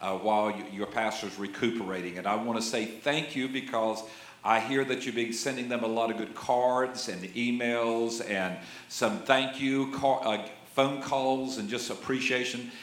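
Older man, pastor, preaching, folksy chatty sermon, mid pitch, echoey church sound. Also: fairly bright tone. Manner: folksy and conversational, jokes, frequent "amen". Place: church sanctuary. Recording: roomy church echo.

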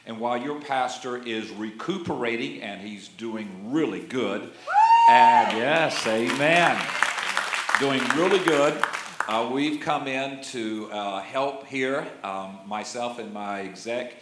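A man's voice: medium pitch, unhurried, hardly any pauses, over a noisy crowd, heavy background noise. A man in his sixties preaching a sermon as a pastor, folksy and conversational, with jokes and frequent amens. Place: church sanctuary. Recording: roomy church echo.

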